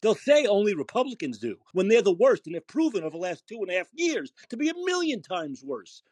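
A man's voice: high voice, very animated, brisk, a little mellow, husky, dry recording. A man hosting a call-in podcast, ranting angrily and swearing heavily. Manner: profane, ranting, emphatic. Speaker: podcast host. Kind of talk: angry call-in show rant.

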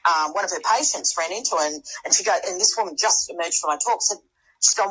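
A middle-aged woman, speaking as a podcast guest. Her voice is husky and sits fairly low. She tells her story in a loose, animated way, stumbles over restarts, and jumps up in pitch to play the people she quotes. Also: fast, poor audio. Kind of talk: casual storytelling.

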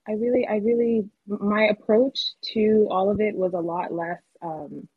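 A woman's voice: medium pitch, fairly even intonation, measured pace, husky, no room sound. A woman actor talking candidly in a casual podcast interview, using slang and laughing often. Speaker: actor guest. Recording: phone-like call audio.

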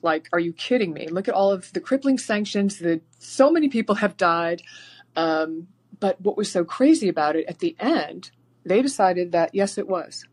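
A woman calling in to a talk show, rambling excitedly with many fillers and restarts. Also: lowish voice. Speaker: caller.

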